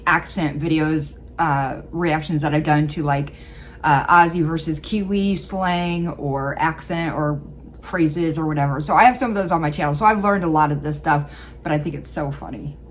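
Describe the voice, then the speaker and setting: Rambling American woman, lowish voice. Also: moderate pace, slight background noise. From Illinois, USA. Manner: rambling, full of fillers. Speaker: reaction channel host. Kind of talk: casual chat.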